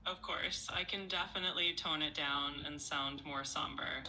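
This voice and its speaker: A synthetic AI assistant voice of a woman, speaking in a calm, polite and cheerful way. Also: sits low, normal speed, rough recording.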